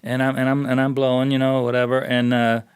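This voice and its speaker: A man in a podcast interview tells stories with lots of animation, slipping into other people's voices and laughing between lines. He is a working bassist sharing his road experience. The sound is dry and close, with a middle-pitched voice. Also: monotone, fairly quick, clean tone, no room sound. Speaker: bassist guest. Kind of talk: storytelling interview.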